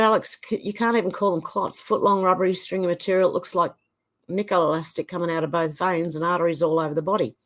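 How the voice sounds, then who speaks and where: A woman with an Australian accent, hosting a livestream and casually reading viewers' chat comments aloud in turn. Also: fairly low pitch. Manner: casual, chatty, reads names and comments in turn. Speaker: livestream host.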